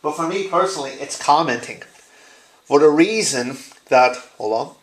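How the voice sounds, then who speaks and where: A man's voice: a little high, animated, normal speed, reverberant, poor audio. A man hosting a gaming channel, giving a casual vlog tag response in a chatty, joking way with frequent ums. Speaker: YouTube gaming channel host.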